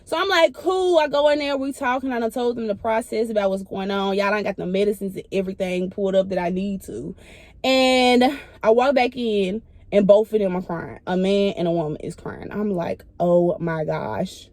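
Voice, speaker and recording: A young woman, a vet tech, hosting a casual podcast and telling a story in an animated way, talking straight to her listeners. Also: mid-range voice, brisk, dry recording. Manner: animated, addresses listeners as "y'all", acts out her own reactions.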